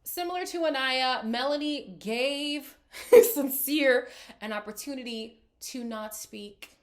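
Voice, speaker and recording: A woman talks through a reality TV episode in a frank, casual way. Her voice sits a little high. She slips into the cast's lines as she quotes them. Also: takes it slowly. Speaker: reality TV recap host. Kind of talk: casual reaction commentary.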